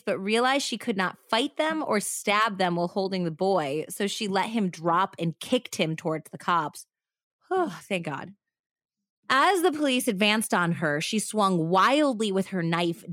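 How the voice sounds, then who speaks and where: A woman's voice: medium pitch, a bit bright, dry recording, clean studio sound. Woman narrating a true-crime podcast. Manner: reads narration then chats casually with fillers. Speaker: podcast co-host.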